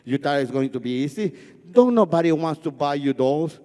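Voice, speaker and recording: A man's voice: on the high side, expressive, normal speed, mellow, pitched below the performer's own voice, natural voice. A man playing a mocking shopkeeper woman. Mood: scornful. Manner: mocking, dismissive. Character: scornful older woman shopkeeper. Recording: long hall reverb from a live stage.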